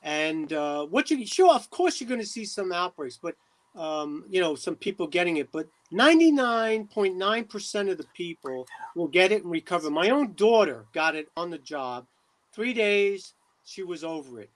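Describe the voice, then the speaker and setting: A middle-aged man from New Jersey, a mayor as a talk show guest, speaking emphatically with many pauses and fillers. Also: high-pitched, very animated. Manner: emphatic, preachy, trailing off with many uh's. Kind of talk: casual interview talk.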